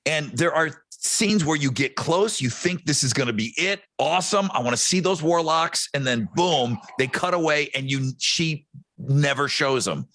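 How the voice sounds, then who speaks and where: A man with a fairly high voice talks in lively, swinging tones as he rants about movies, swearing often. His voice sounds close and dry, with no room sound. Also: moderate pace, dry recording. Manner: animated and crude, swears often. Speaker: podcast co-host. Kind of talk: casual chat.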